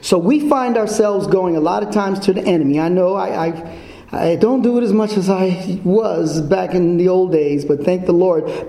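A man's voice: sits high, warm tone. A man giving an informal sermon as a Bible teacher, emphatic and full of rhetorical questions to his listeners. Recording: echoey room.

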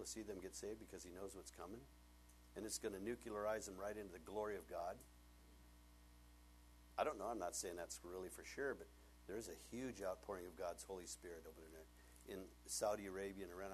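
A man preaching a sermon as pastor, telling stories and swinging from hushed tones up to near shouting. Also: lowish voice, a little hiss or hum.

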